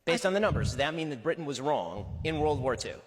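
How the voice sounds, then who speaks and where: A man debating heatedly, listing points in a rapid-fire, insistent rebuttal. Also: fairly high pitch, very animated, long reverb tail.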